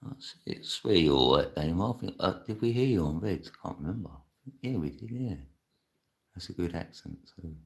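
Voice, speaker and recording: A man's voice: low-pitched, lively intonation, moderate pace, vocal fry. A man from London hosting a live stream, rambling casually, laughing often and answering viewer chat.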